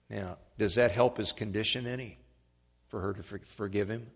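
A man preaching a sermon, emphatic, swinging from loud peaks to quiet asides. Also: fairly even intonation, normal speed, vocal fry, slightly rough. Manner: emphatic, rising to loud peaks then dropping low. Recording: long hall reverb.

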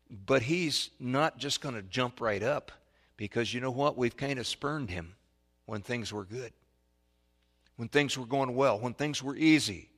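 A man preaching a sermon, telling a folksy childhood story that builds to loud, excited peaks. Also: medium pitch, measured pace. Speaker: pastor.

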